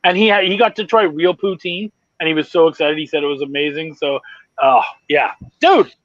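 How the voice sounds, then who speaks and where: Excitable high-voiced Canadian host, swearing freely. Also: male voice, brisk, dry recording, muffled recording. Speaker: podcast host. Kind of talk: casual chat.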